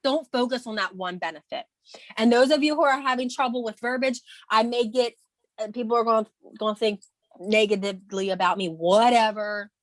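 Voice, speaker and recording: A woman's voice: on the high side, brisk, no echo. Woman, thirties, video call co-host, candid, emotional, emphatic bursts, dry sound. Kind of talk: casual motivational chat.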